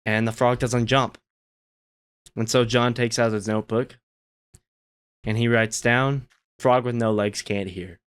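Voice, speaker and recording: Smooth-voiced laid-back man. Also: on the low side, a little slow, long pauses, fairly bright tone. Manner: meandering, laid-back, many "you know" fillers. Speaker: gaming channel host. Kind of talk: relaxed gameplay commentary with storytelling.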